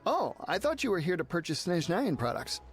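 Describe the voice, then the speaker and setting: A polite foreign merchant. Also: male voice, high-pitched, very animated, fairly quick, soft background music. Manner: courteous, businesslike, hesitant. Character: polite male foreign mineral merchant, apologetic.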